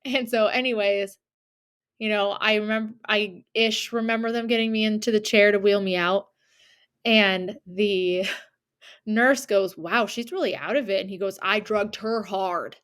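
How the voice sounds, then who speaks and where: A woman's voice: mid-range voice, a little slow, clear, resonant tone. A young woman co-hosting a podcast, telling a story in casual chat and acting out the people in it. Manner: animated retelling with quoted voices and laughter. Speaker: podcast co-host.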